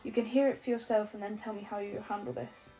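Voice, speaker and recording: A woman's voice: medium pitch, fairly even intonation, fast, dark tone, soft background music, lightly acted. A woman voicing a jittery, sarcastic young man who talks in exasperated, rambling, profane bursts.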